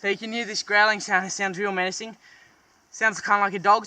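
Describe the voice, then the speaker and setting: A man's voice: high voice, level tone, fairly quick, pushed and bright. Breathless guy wrestling wildlife. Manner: strained, breathless from holding a struggling animal. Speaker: wildlife vlogger. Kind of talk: excited on-the-spot wildlife explaining. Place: outdoors at night near a beach. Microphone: camera hung around his neck.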